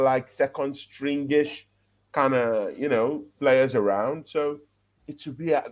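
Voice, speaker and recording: A man holding forth in a casual football chat, animated and talkative, checking in with his listeners as he builds each point. His voice sits at an ordinary mid pitch. He laughs easily between his points. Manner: animated, laughing, walks through his argument with "yeah?" and "right?". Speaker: football podcast co-host.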